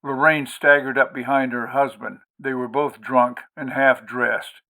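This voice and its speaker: A man hosting and narrating an audiobook in a measured, expressive way. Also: medium pitch. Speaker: audiobook reader, host.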